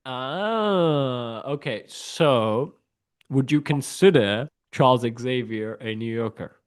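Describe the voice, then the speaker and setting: A man's voice: mid-range voice, expressive, slow, clean tone. A man chatting as a guest on a video call, teasing and laughing as he argues his point. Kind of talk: casual chat.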